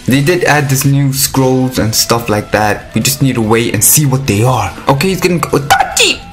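A man giving live commentary on a mobile game, excitable and chatty with his viewers, breaking into squealing outbursts. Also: mid-range voice, moderate pace, faint music behind. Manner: pleading and chatty toward viewers.

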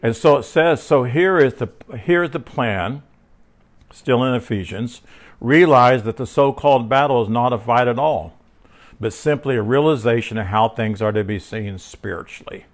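In a mid-range voice at normal speed, a man gives a casual Bible teaching. He wanders, restarts sentences frequently, relies on fillers, shares personal stories, and checks in with the listener using tag questions.

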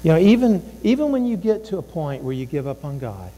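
A man's voice: a little high, very animated, a little fast, warm tone, long reverb tail, rough recording. A man preaching a sermon as pastor, impassioned and repetitive, acting out the inner voices he describes. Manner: impassioned, acts out inner voices, repeats phrases. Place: church sanctuary.

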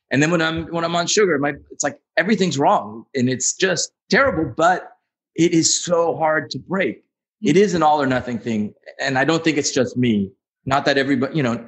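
A man's voice: mid-range voice, fairly bright tone. Laid-back guy host, open and candid, says dude, stumbles on words a bit. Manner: candid, casual, repeats words. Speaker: podcast host. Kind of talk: podcast interview.

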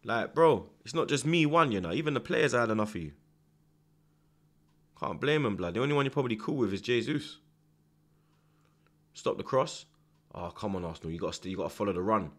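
A man hosting a live football watchalong, reacting loudly to the match with slang and swearing, shouting instructions at the players. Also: on the low side, brisk, pauses often. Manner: excitable, shouts at the screen, heavy slang and swearing.

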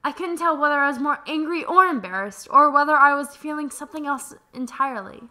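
A young woman with a high, bright voice reads a visual novel aloud for a let's play. She is animated and playful, breaking off for laughs and crude jokes. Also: fairly quick. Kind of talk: reading a visual novel aloud with joking asides.

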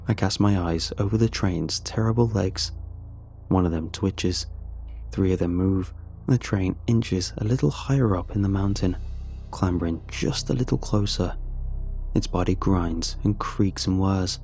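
A man narrating a first-person horror story in a measured, tense way. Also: low-pitched, mellow, soft background music.

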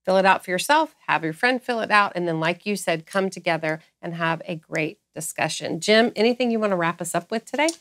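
A woman hosts a podcast discussion in a fairly low voice for a woman, earnest and deliberate. She slows down to lean on the phrases that matter most. The sound is close and dry. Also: fairly bright tone, no echo. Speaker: host.

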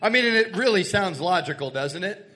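A man's voice: high-pitched, lively intonation, fairly quick, a crowd in the background. A man with a Texan accent, a radio co-host, chiming in live with dry, sarcastic asides. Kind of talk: live storytelling banter.

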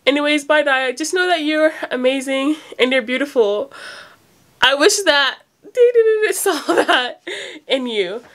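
A woman's voice: sits high, a bit bright, slight background noise. A young woman vlogging casually on her phone, rambling with lots of fillers and sounding emotional and close to tears. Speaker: vlogger opening fan mail. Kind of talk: casual unedited phone vlog.

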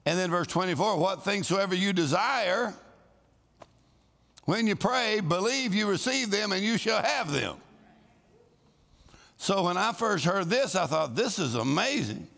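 A man preaching a lively sermon to a congregation, calling for responses and shouting scripture. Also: high-pitched, unhurried, creaky, long pauses. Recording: live sermon in a large hall with long reverb.

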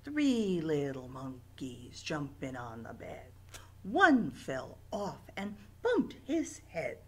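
Woman librarian for toddler story time, slow sing-song rhymes, swooping lively delivery, a bit lower voice. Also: breathy edge. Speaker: children's librarian. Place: library, alone on camera.

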